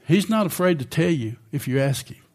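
An older male preacher delivering a sermon in a conversational style, checking in with the congregation as he goes. His voice sits a little higher than most men's. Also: expressive, brisk.

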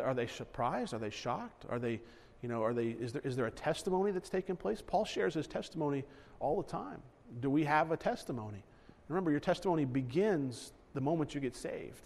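A man's voice: fairly high pitch, lively intonation, brisk, a little mellow. Earnest male pastor preaching in an echoey hall. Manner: earnest, repeats words while building a point. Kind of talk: sermon.

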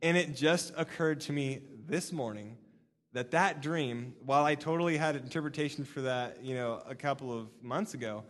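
A young man giving a casual, animated sermon, full of fillers and restarts. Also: mid-range voice, normal speed, in a large hall. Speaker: preacher.

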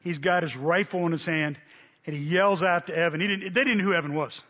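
A man preaching a sermon, telling a story with lively acted-out quotes. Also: fairly high pitch, fast talker. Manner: animated storyteller, voices quotes loudly. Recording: dull sound in a long-reverb hall.

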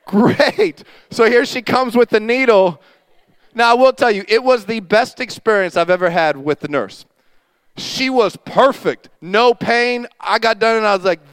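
A man preaching a sermon as pastor, telling a story with acted-out dialogue and dropping to a quiet voice for emphasis. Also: sits high, clear, resonant tone, no room sound. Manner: animated storytelling, acting out dialogue.

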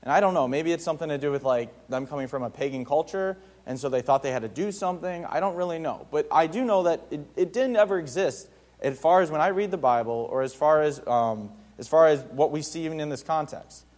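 A man's voice: on the high side, fast, a little mellow. A man giving a conversational Bible teaching to his community, informal and emphatic, with frequent fillers and restarts. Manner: emphatic on key points.

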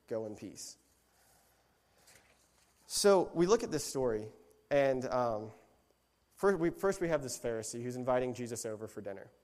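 A man gives a relaxed, conversational sermon in a church hall, retelling the story as he goes and correcting himself mid-sentence. His voice sits in a middling range. A long reverb from the big room trails after each phrase. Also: medium pitch. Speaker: lay preacher.

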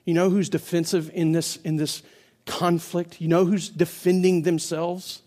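A man preaching a sermon as pastor, building to loud, impassioned stretches and often repeating words as he restarts. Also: fairly high pitch, little pitch movement, a little slow. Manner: impassioned preaching that builds to near-shouting climaxes.

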